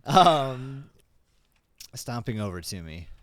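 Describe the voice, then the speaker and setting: A man's voice: mid-range voice, sing-song, takes it slowly, a bit bright, dry recording. A man co-hosting a casual podcast, joking and dictating a silly story to his friends. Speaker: podcast co-host. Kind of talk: casual chat.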